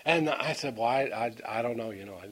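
A man preaching a Bible-teaching sermon. He reads scripture slowly and deliberately, then breaks into folksy stories, often halting and repeating words as he goes. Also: mid-range voice, husky. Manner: folksy, storytelling asides; halting, repeats words while finding them.

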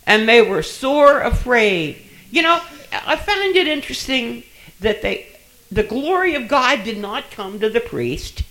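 Older male preacher, slow deliberate delivery, emphatic sermon style in church. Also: very high-pitched, big pitch swings, poor audio. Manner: slow, emphatic, dropping to soft asides.

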